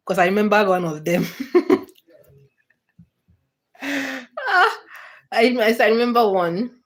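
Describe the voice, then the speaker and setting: Woman chatting live, laughing between replies. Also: medium pitch. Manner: laughs often, answers chat comments with quick repeats and restarts. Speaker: livestream host. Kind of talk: casual chat with viewers.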